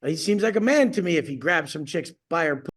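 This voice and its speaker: A man's voice: a little high, expressive, fast, breathy edge. A man coaching clients on a video call, ranting bluntly and profanely, boasting as he goes.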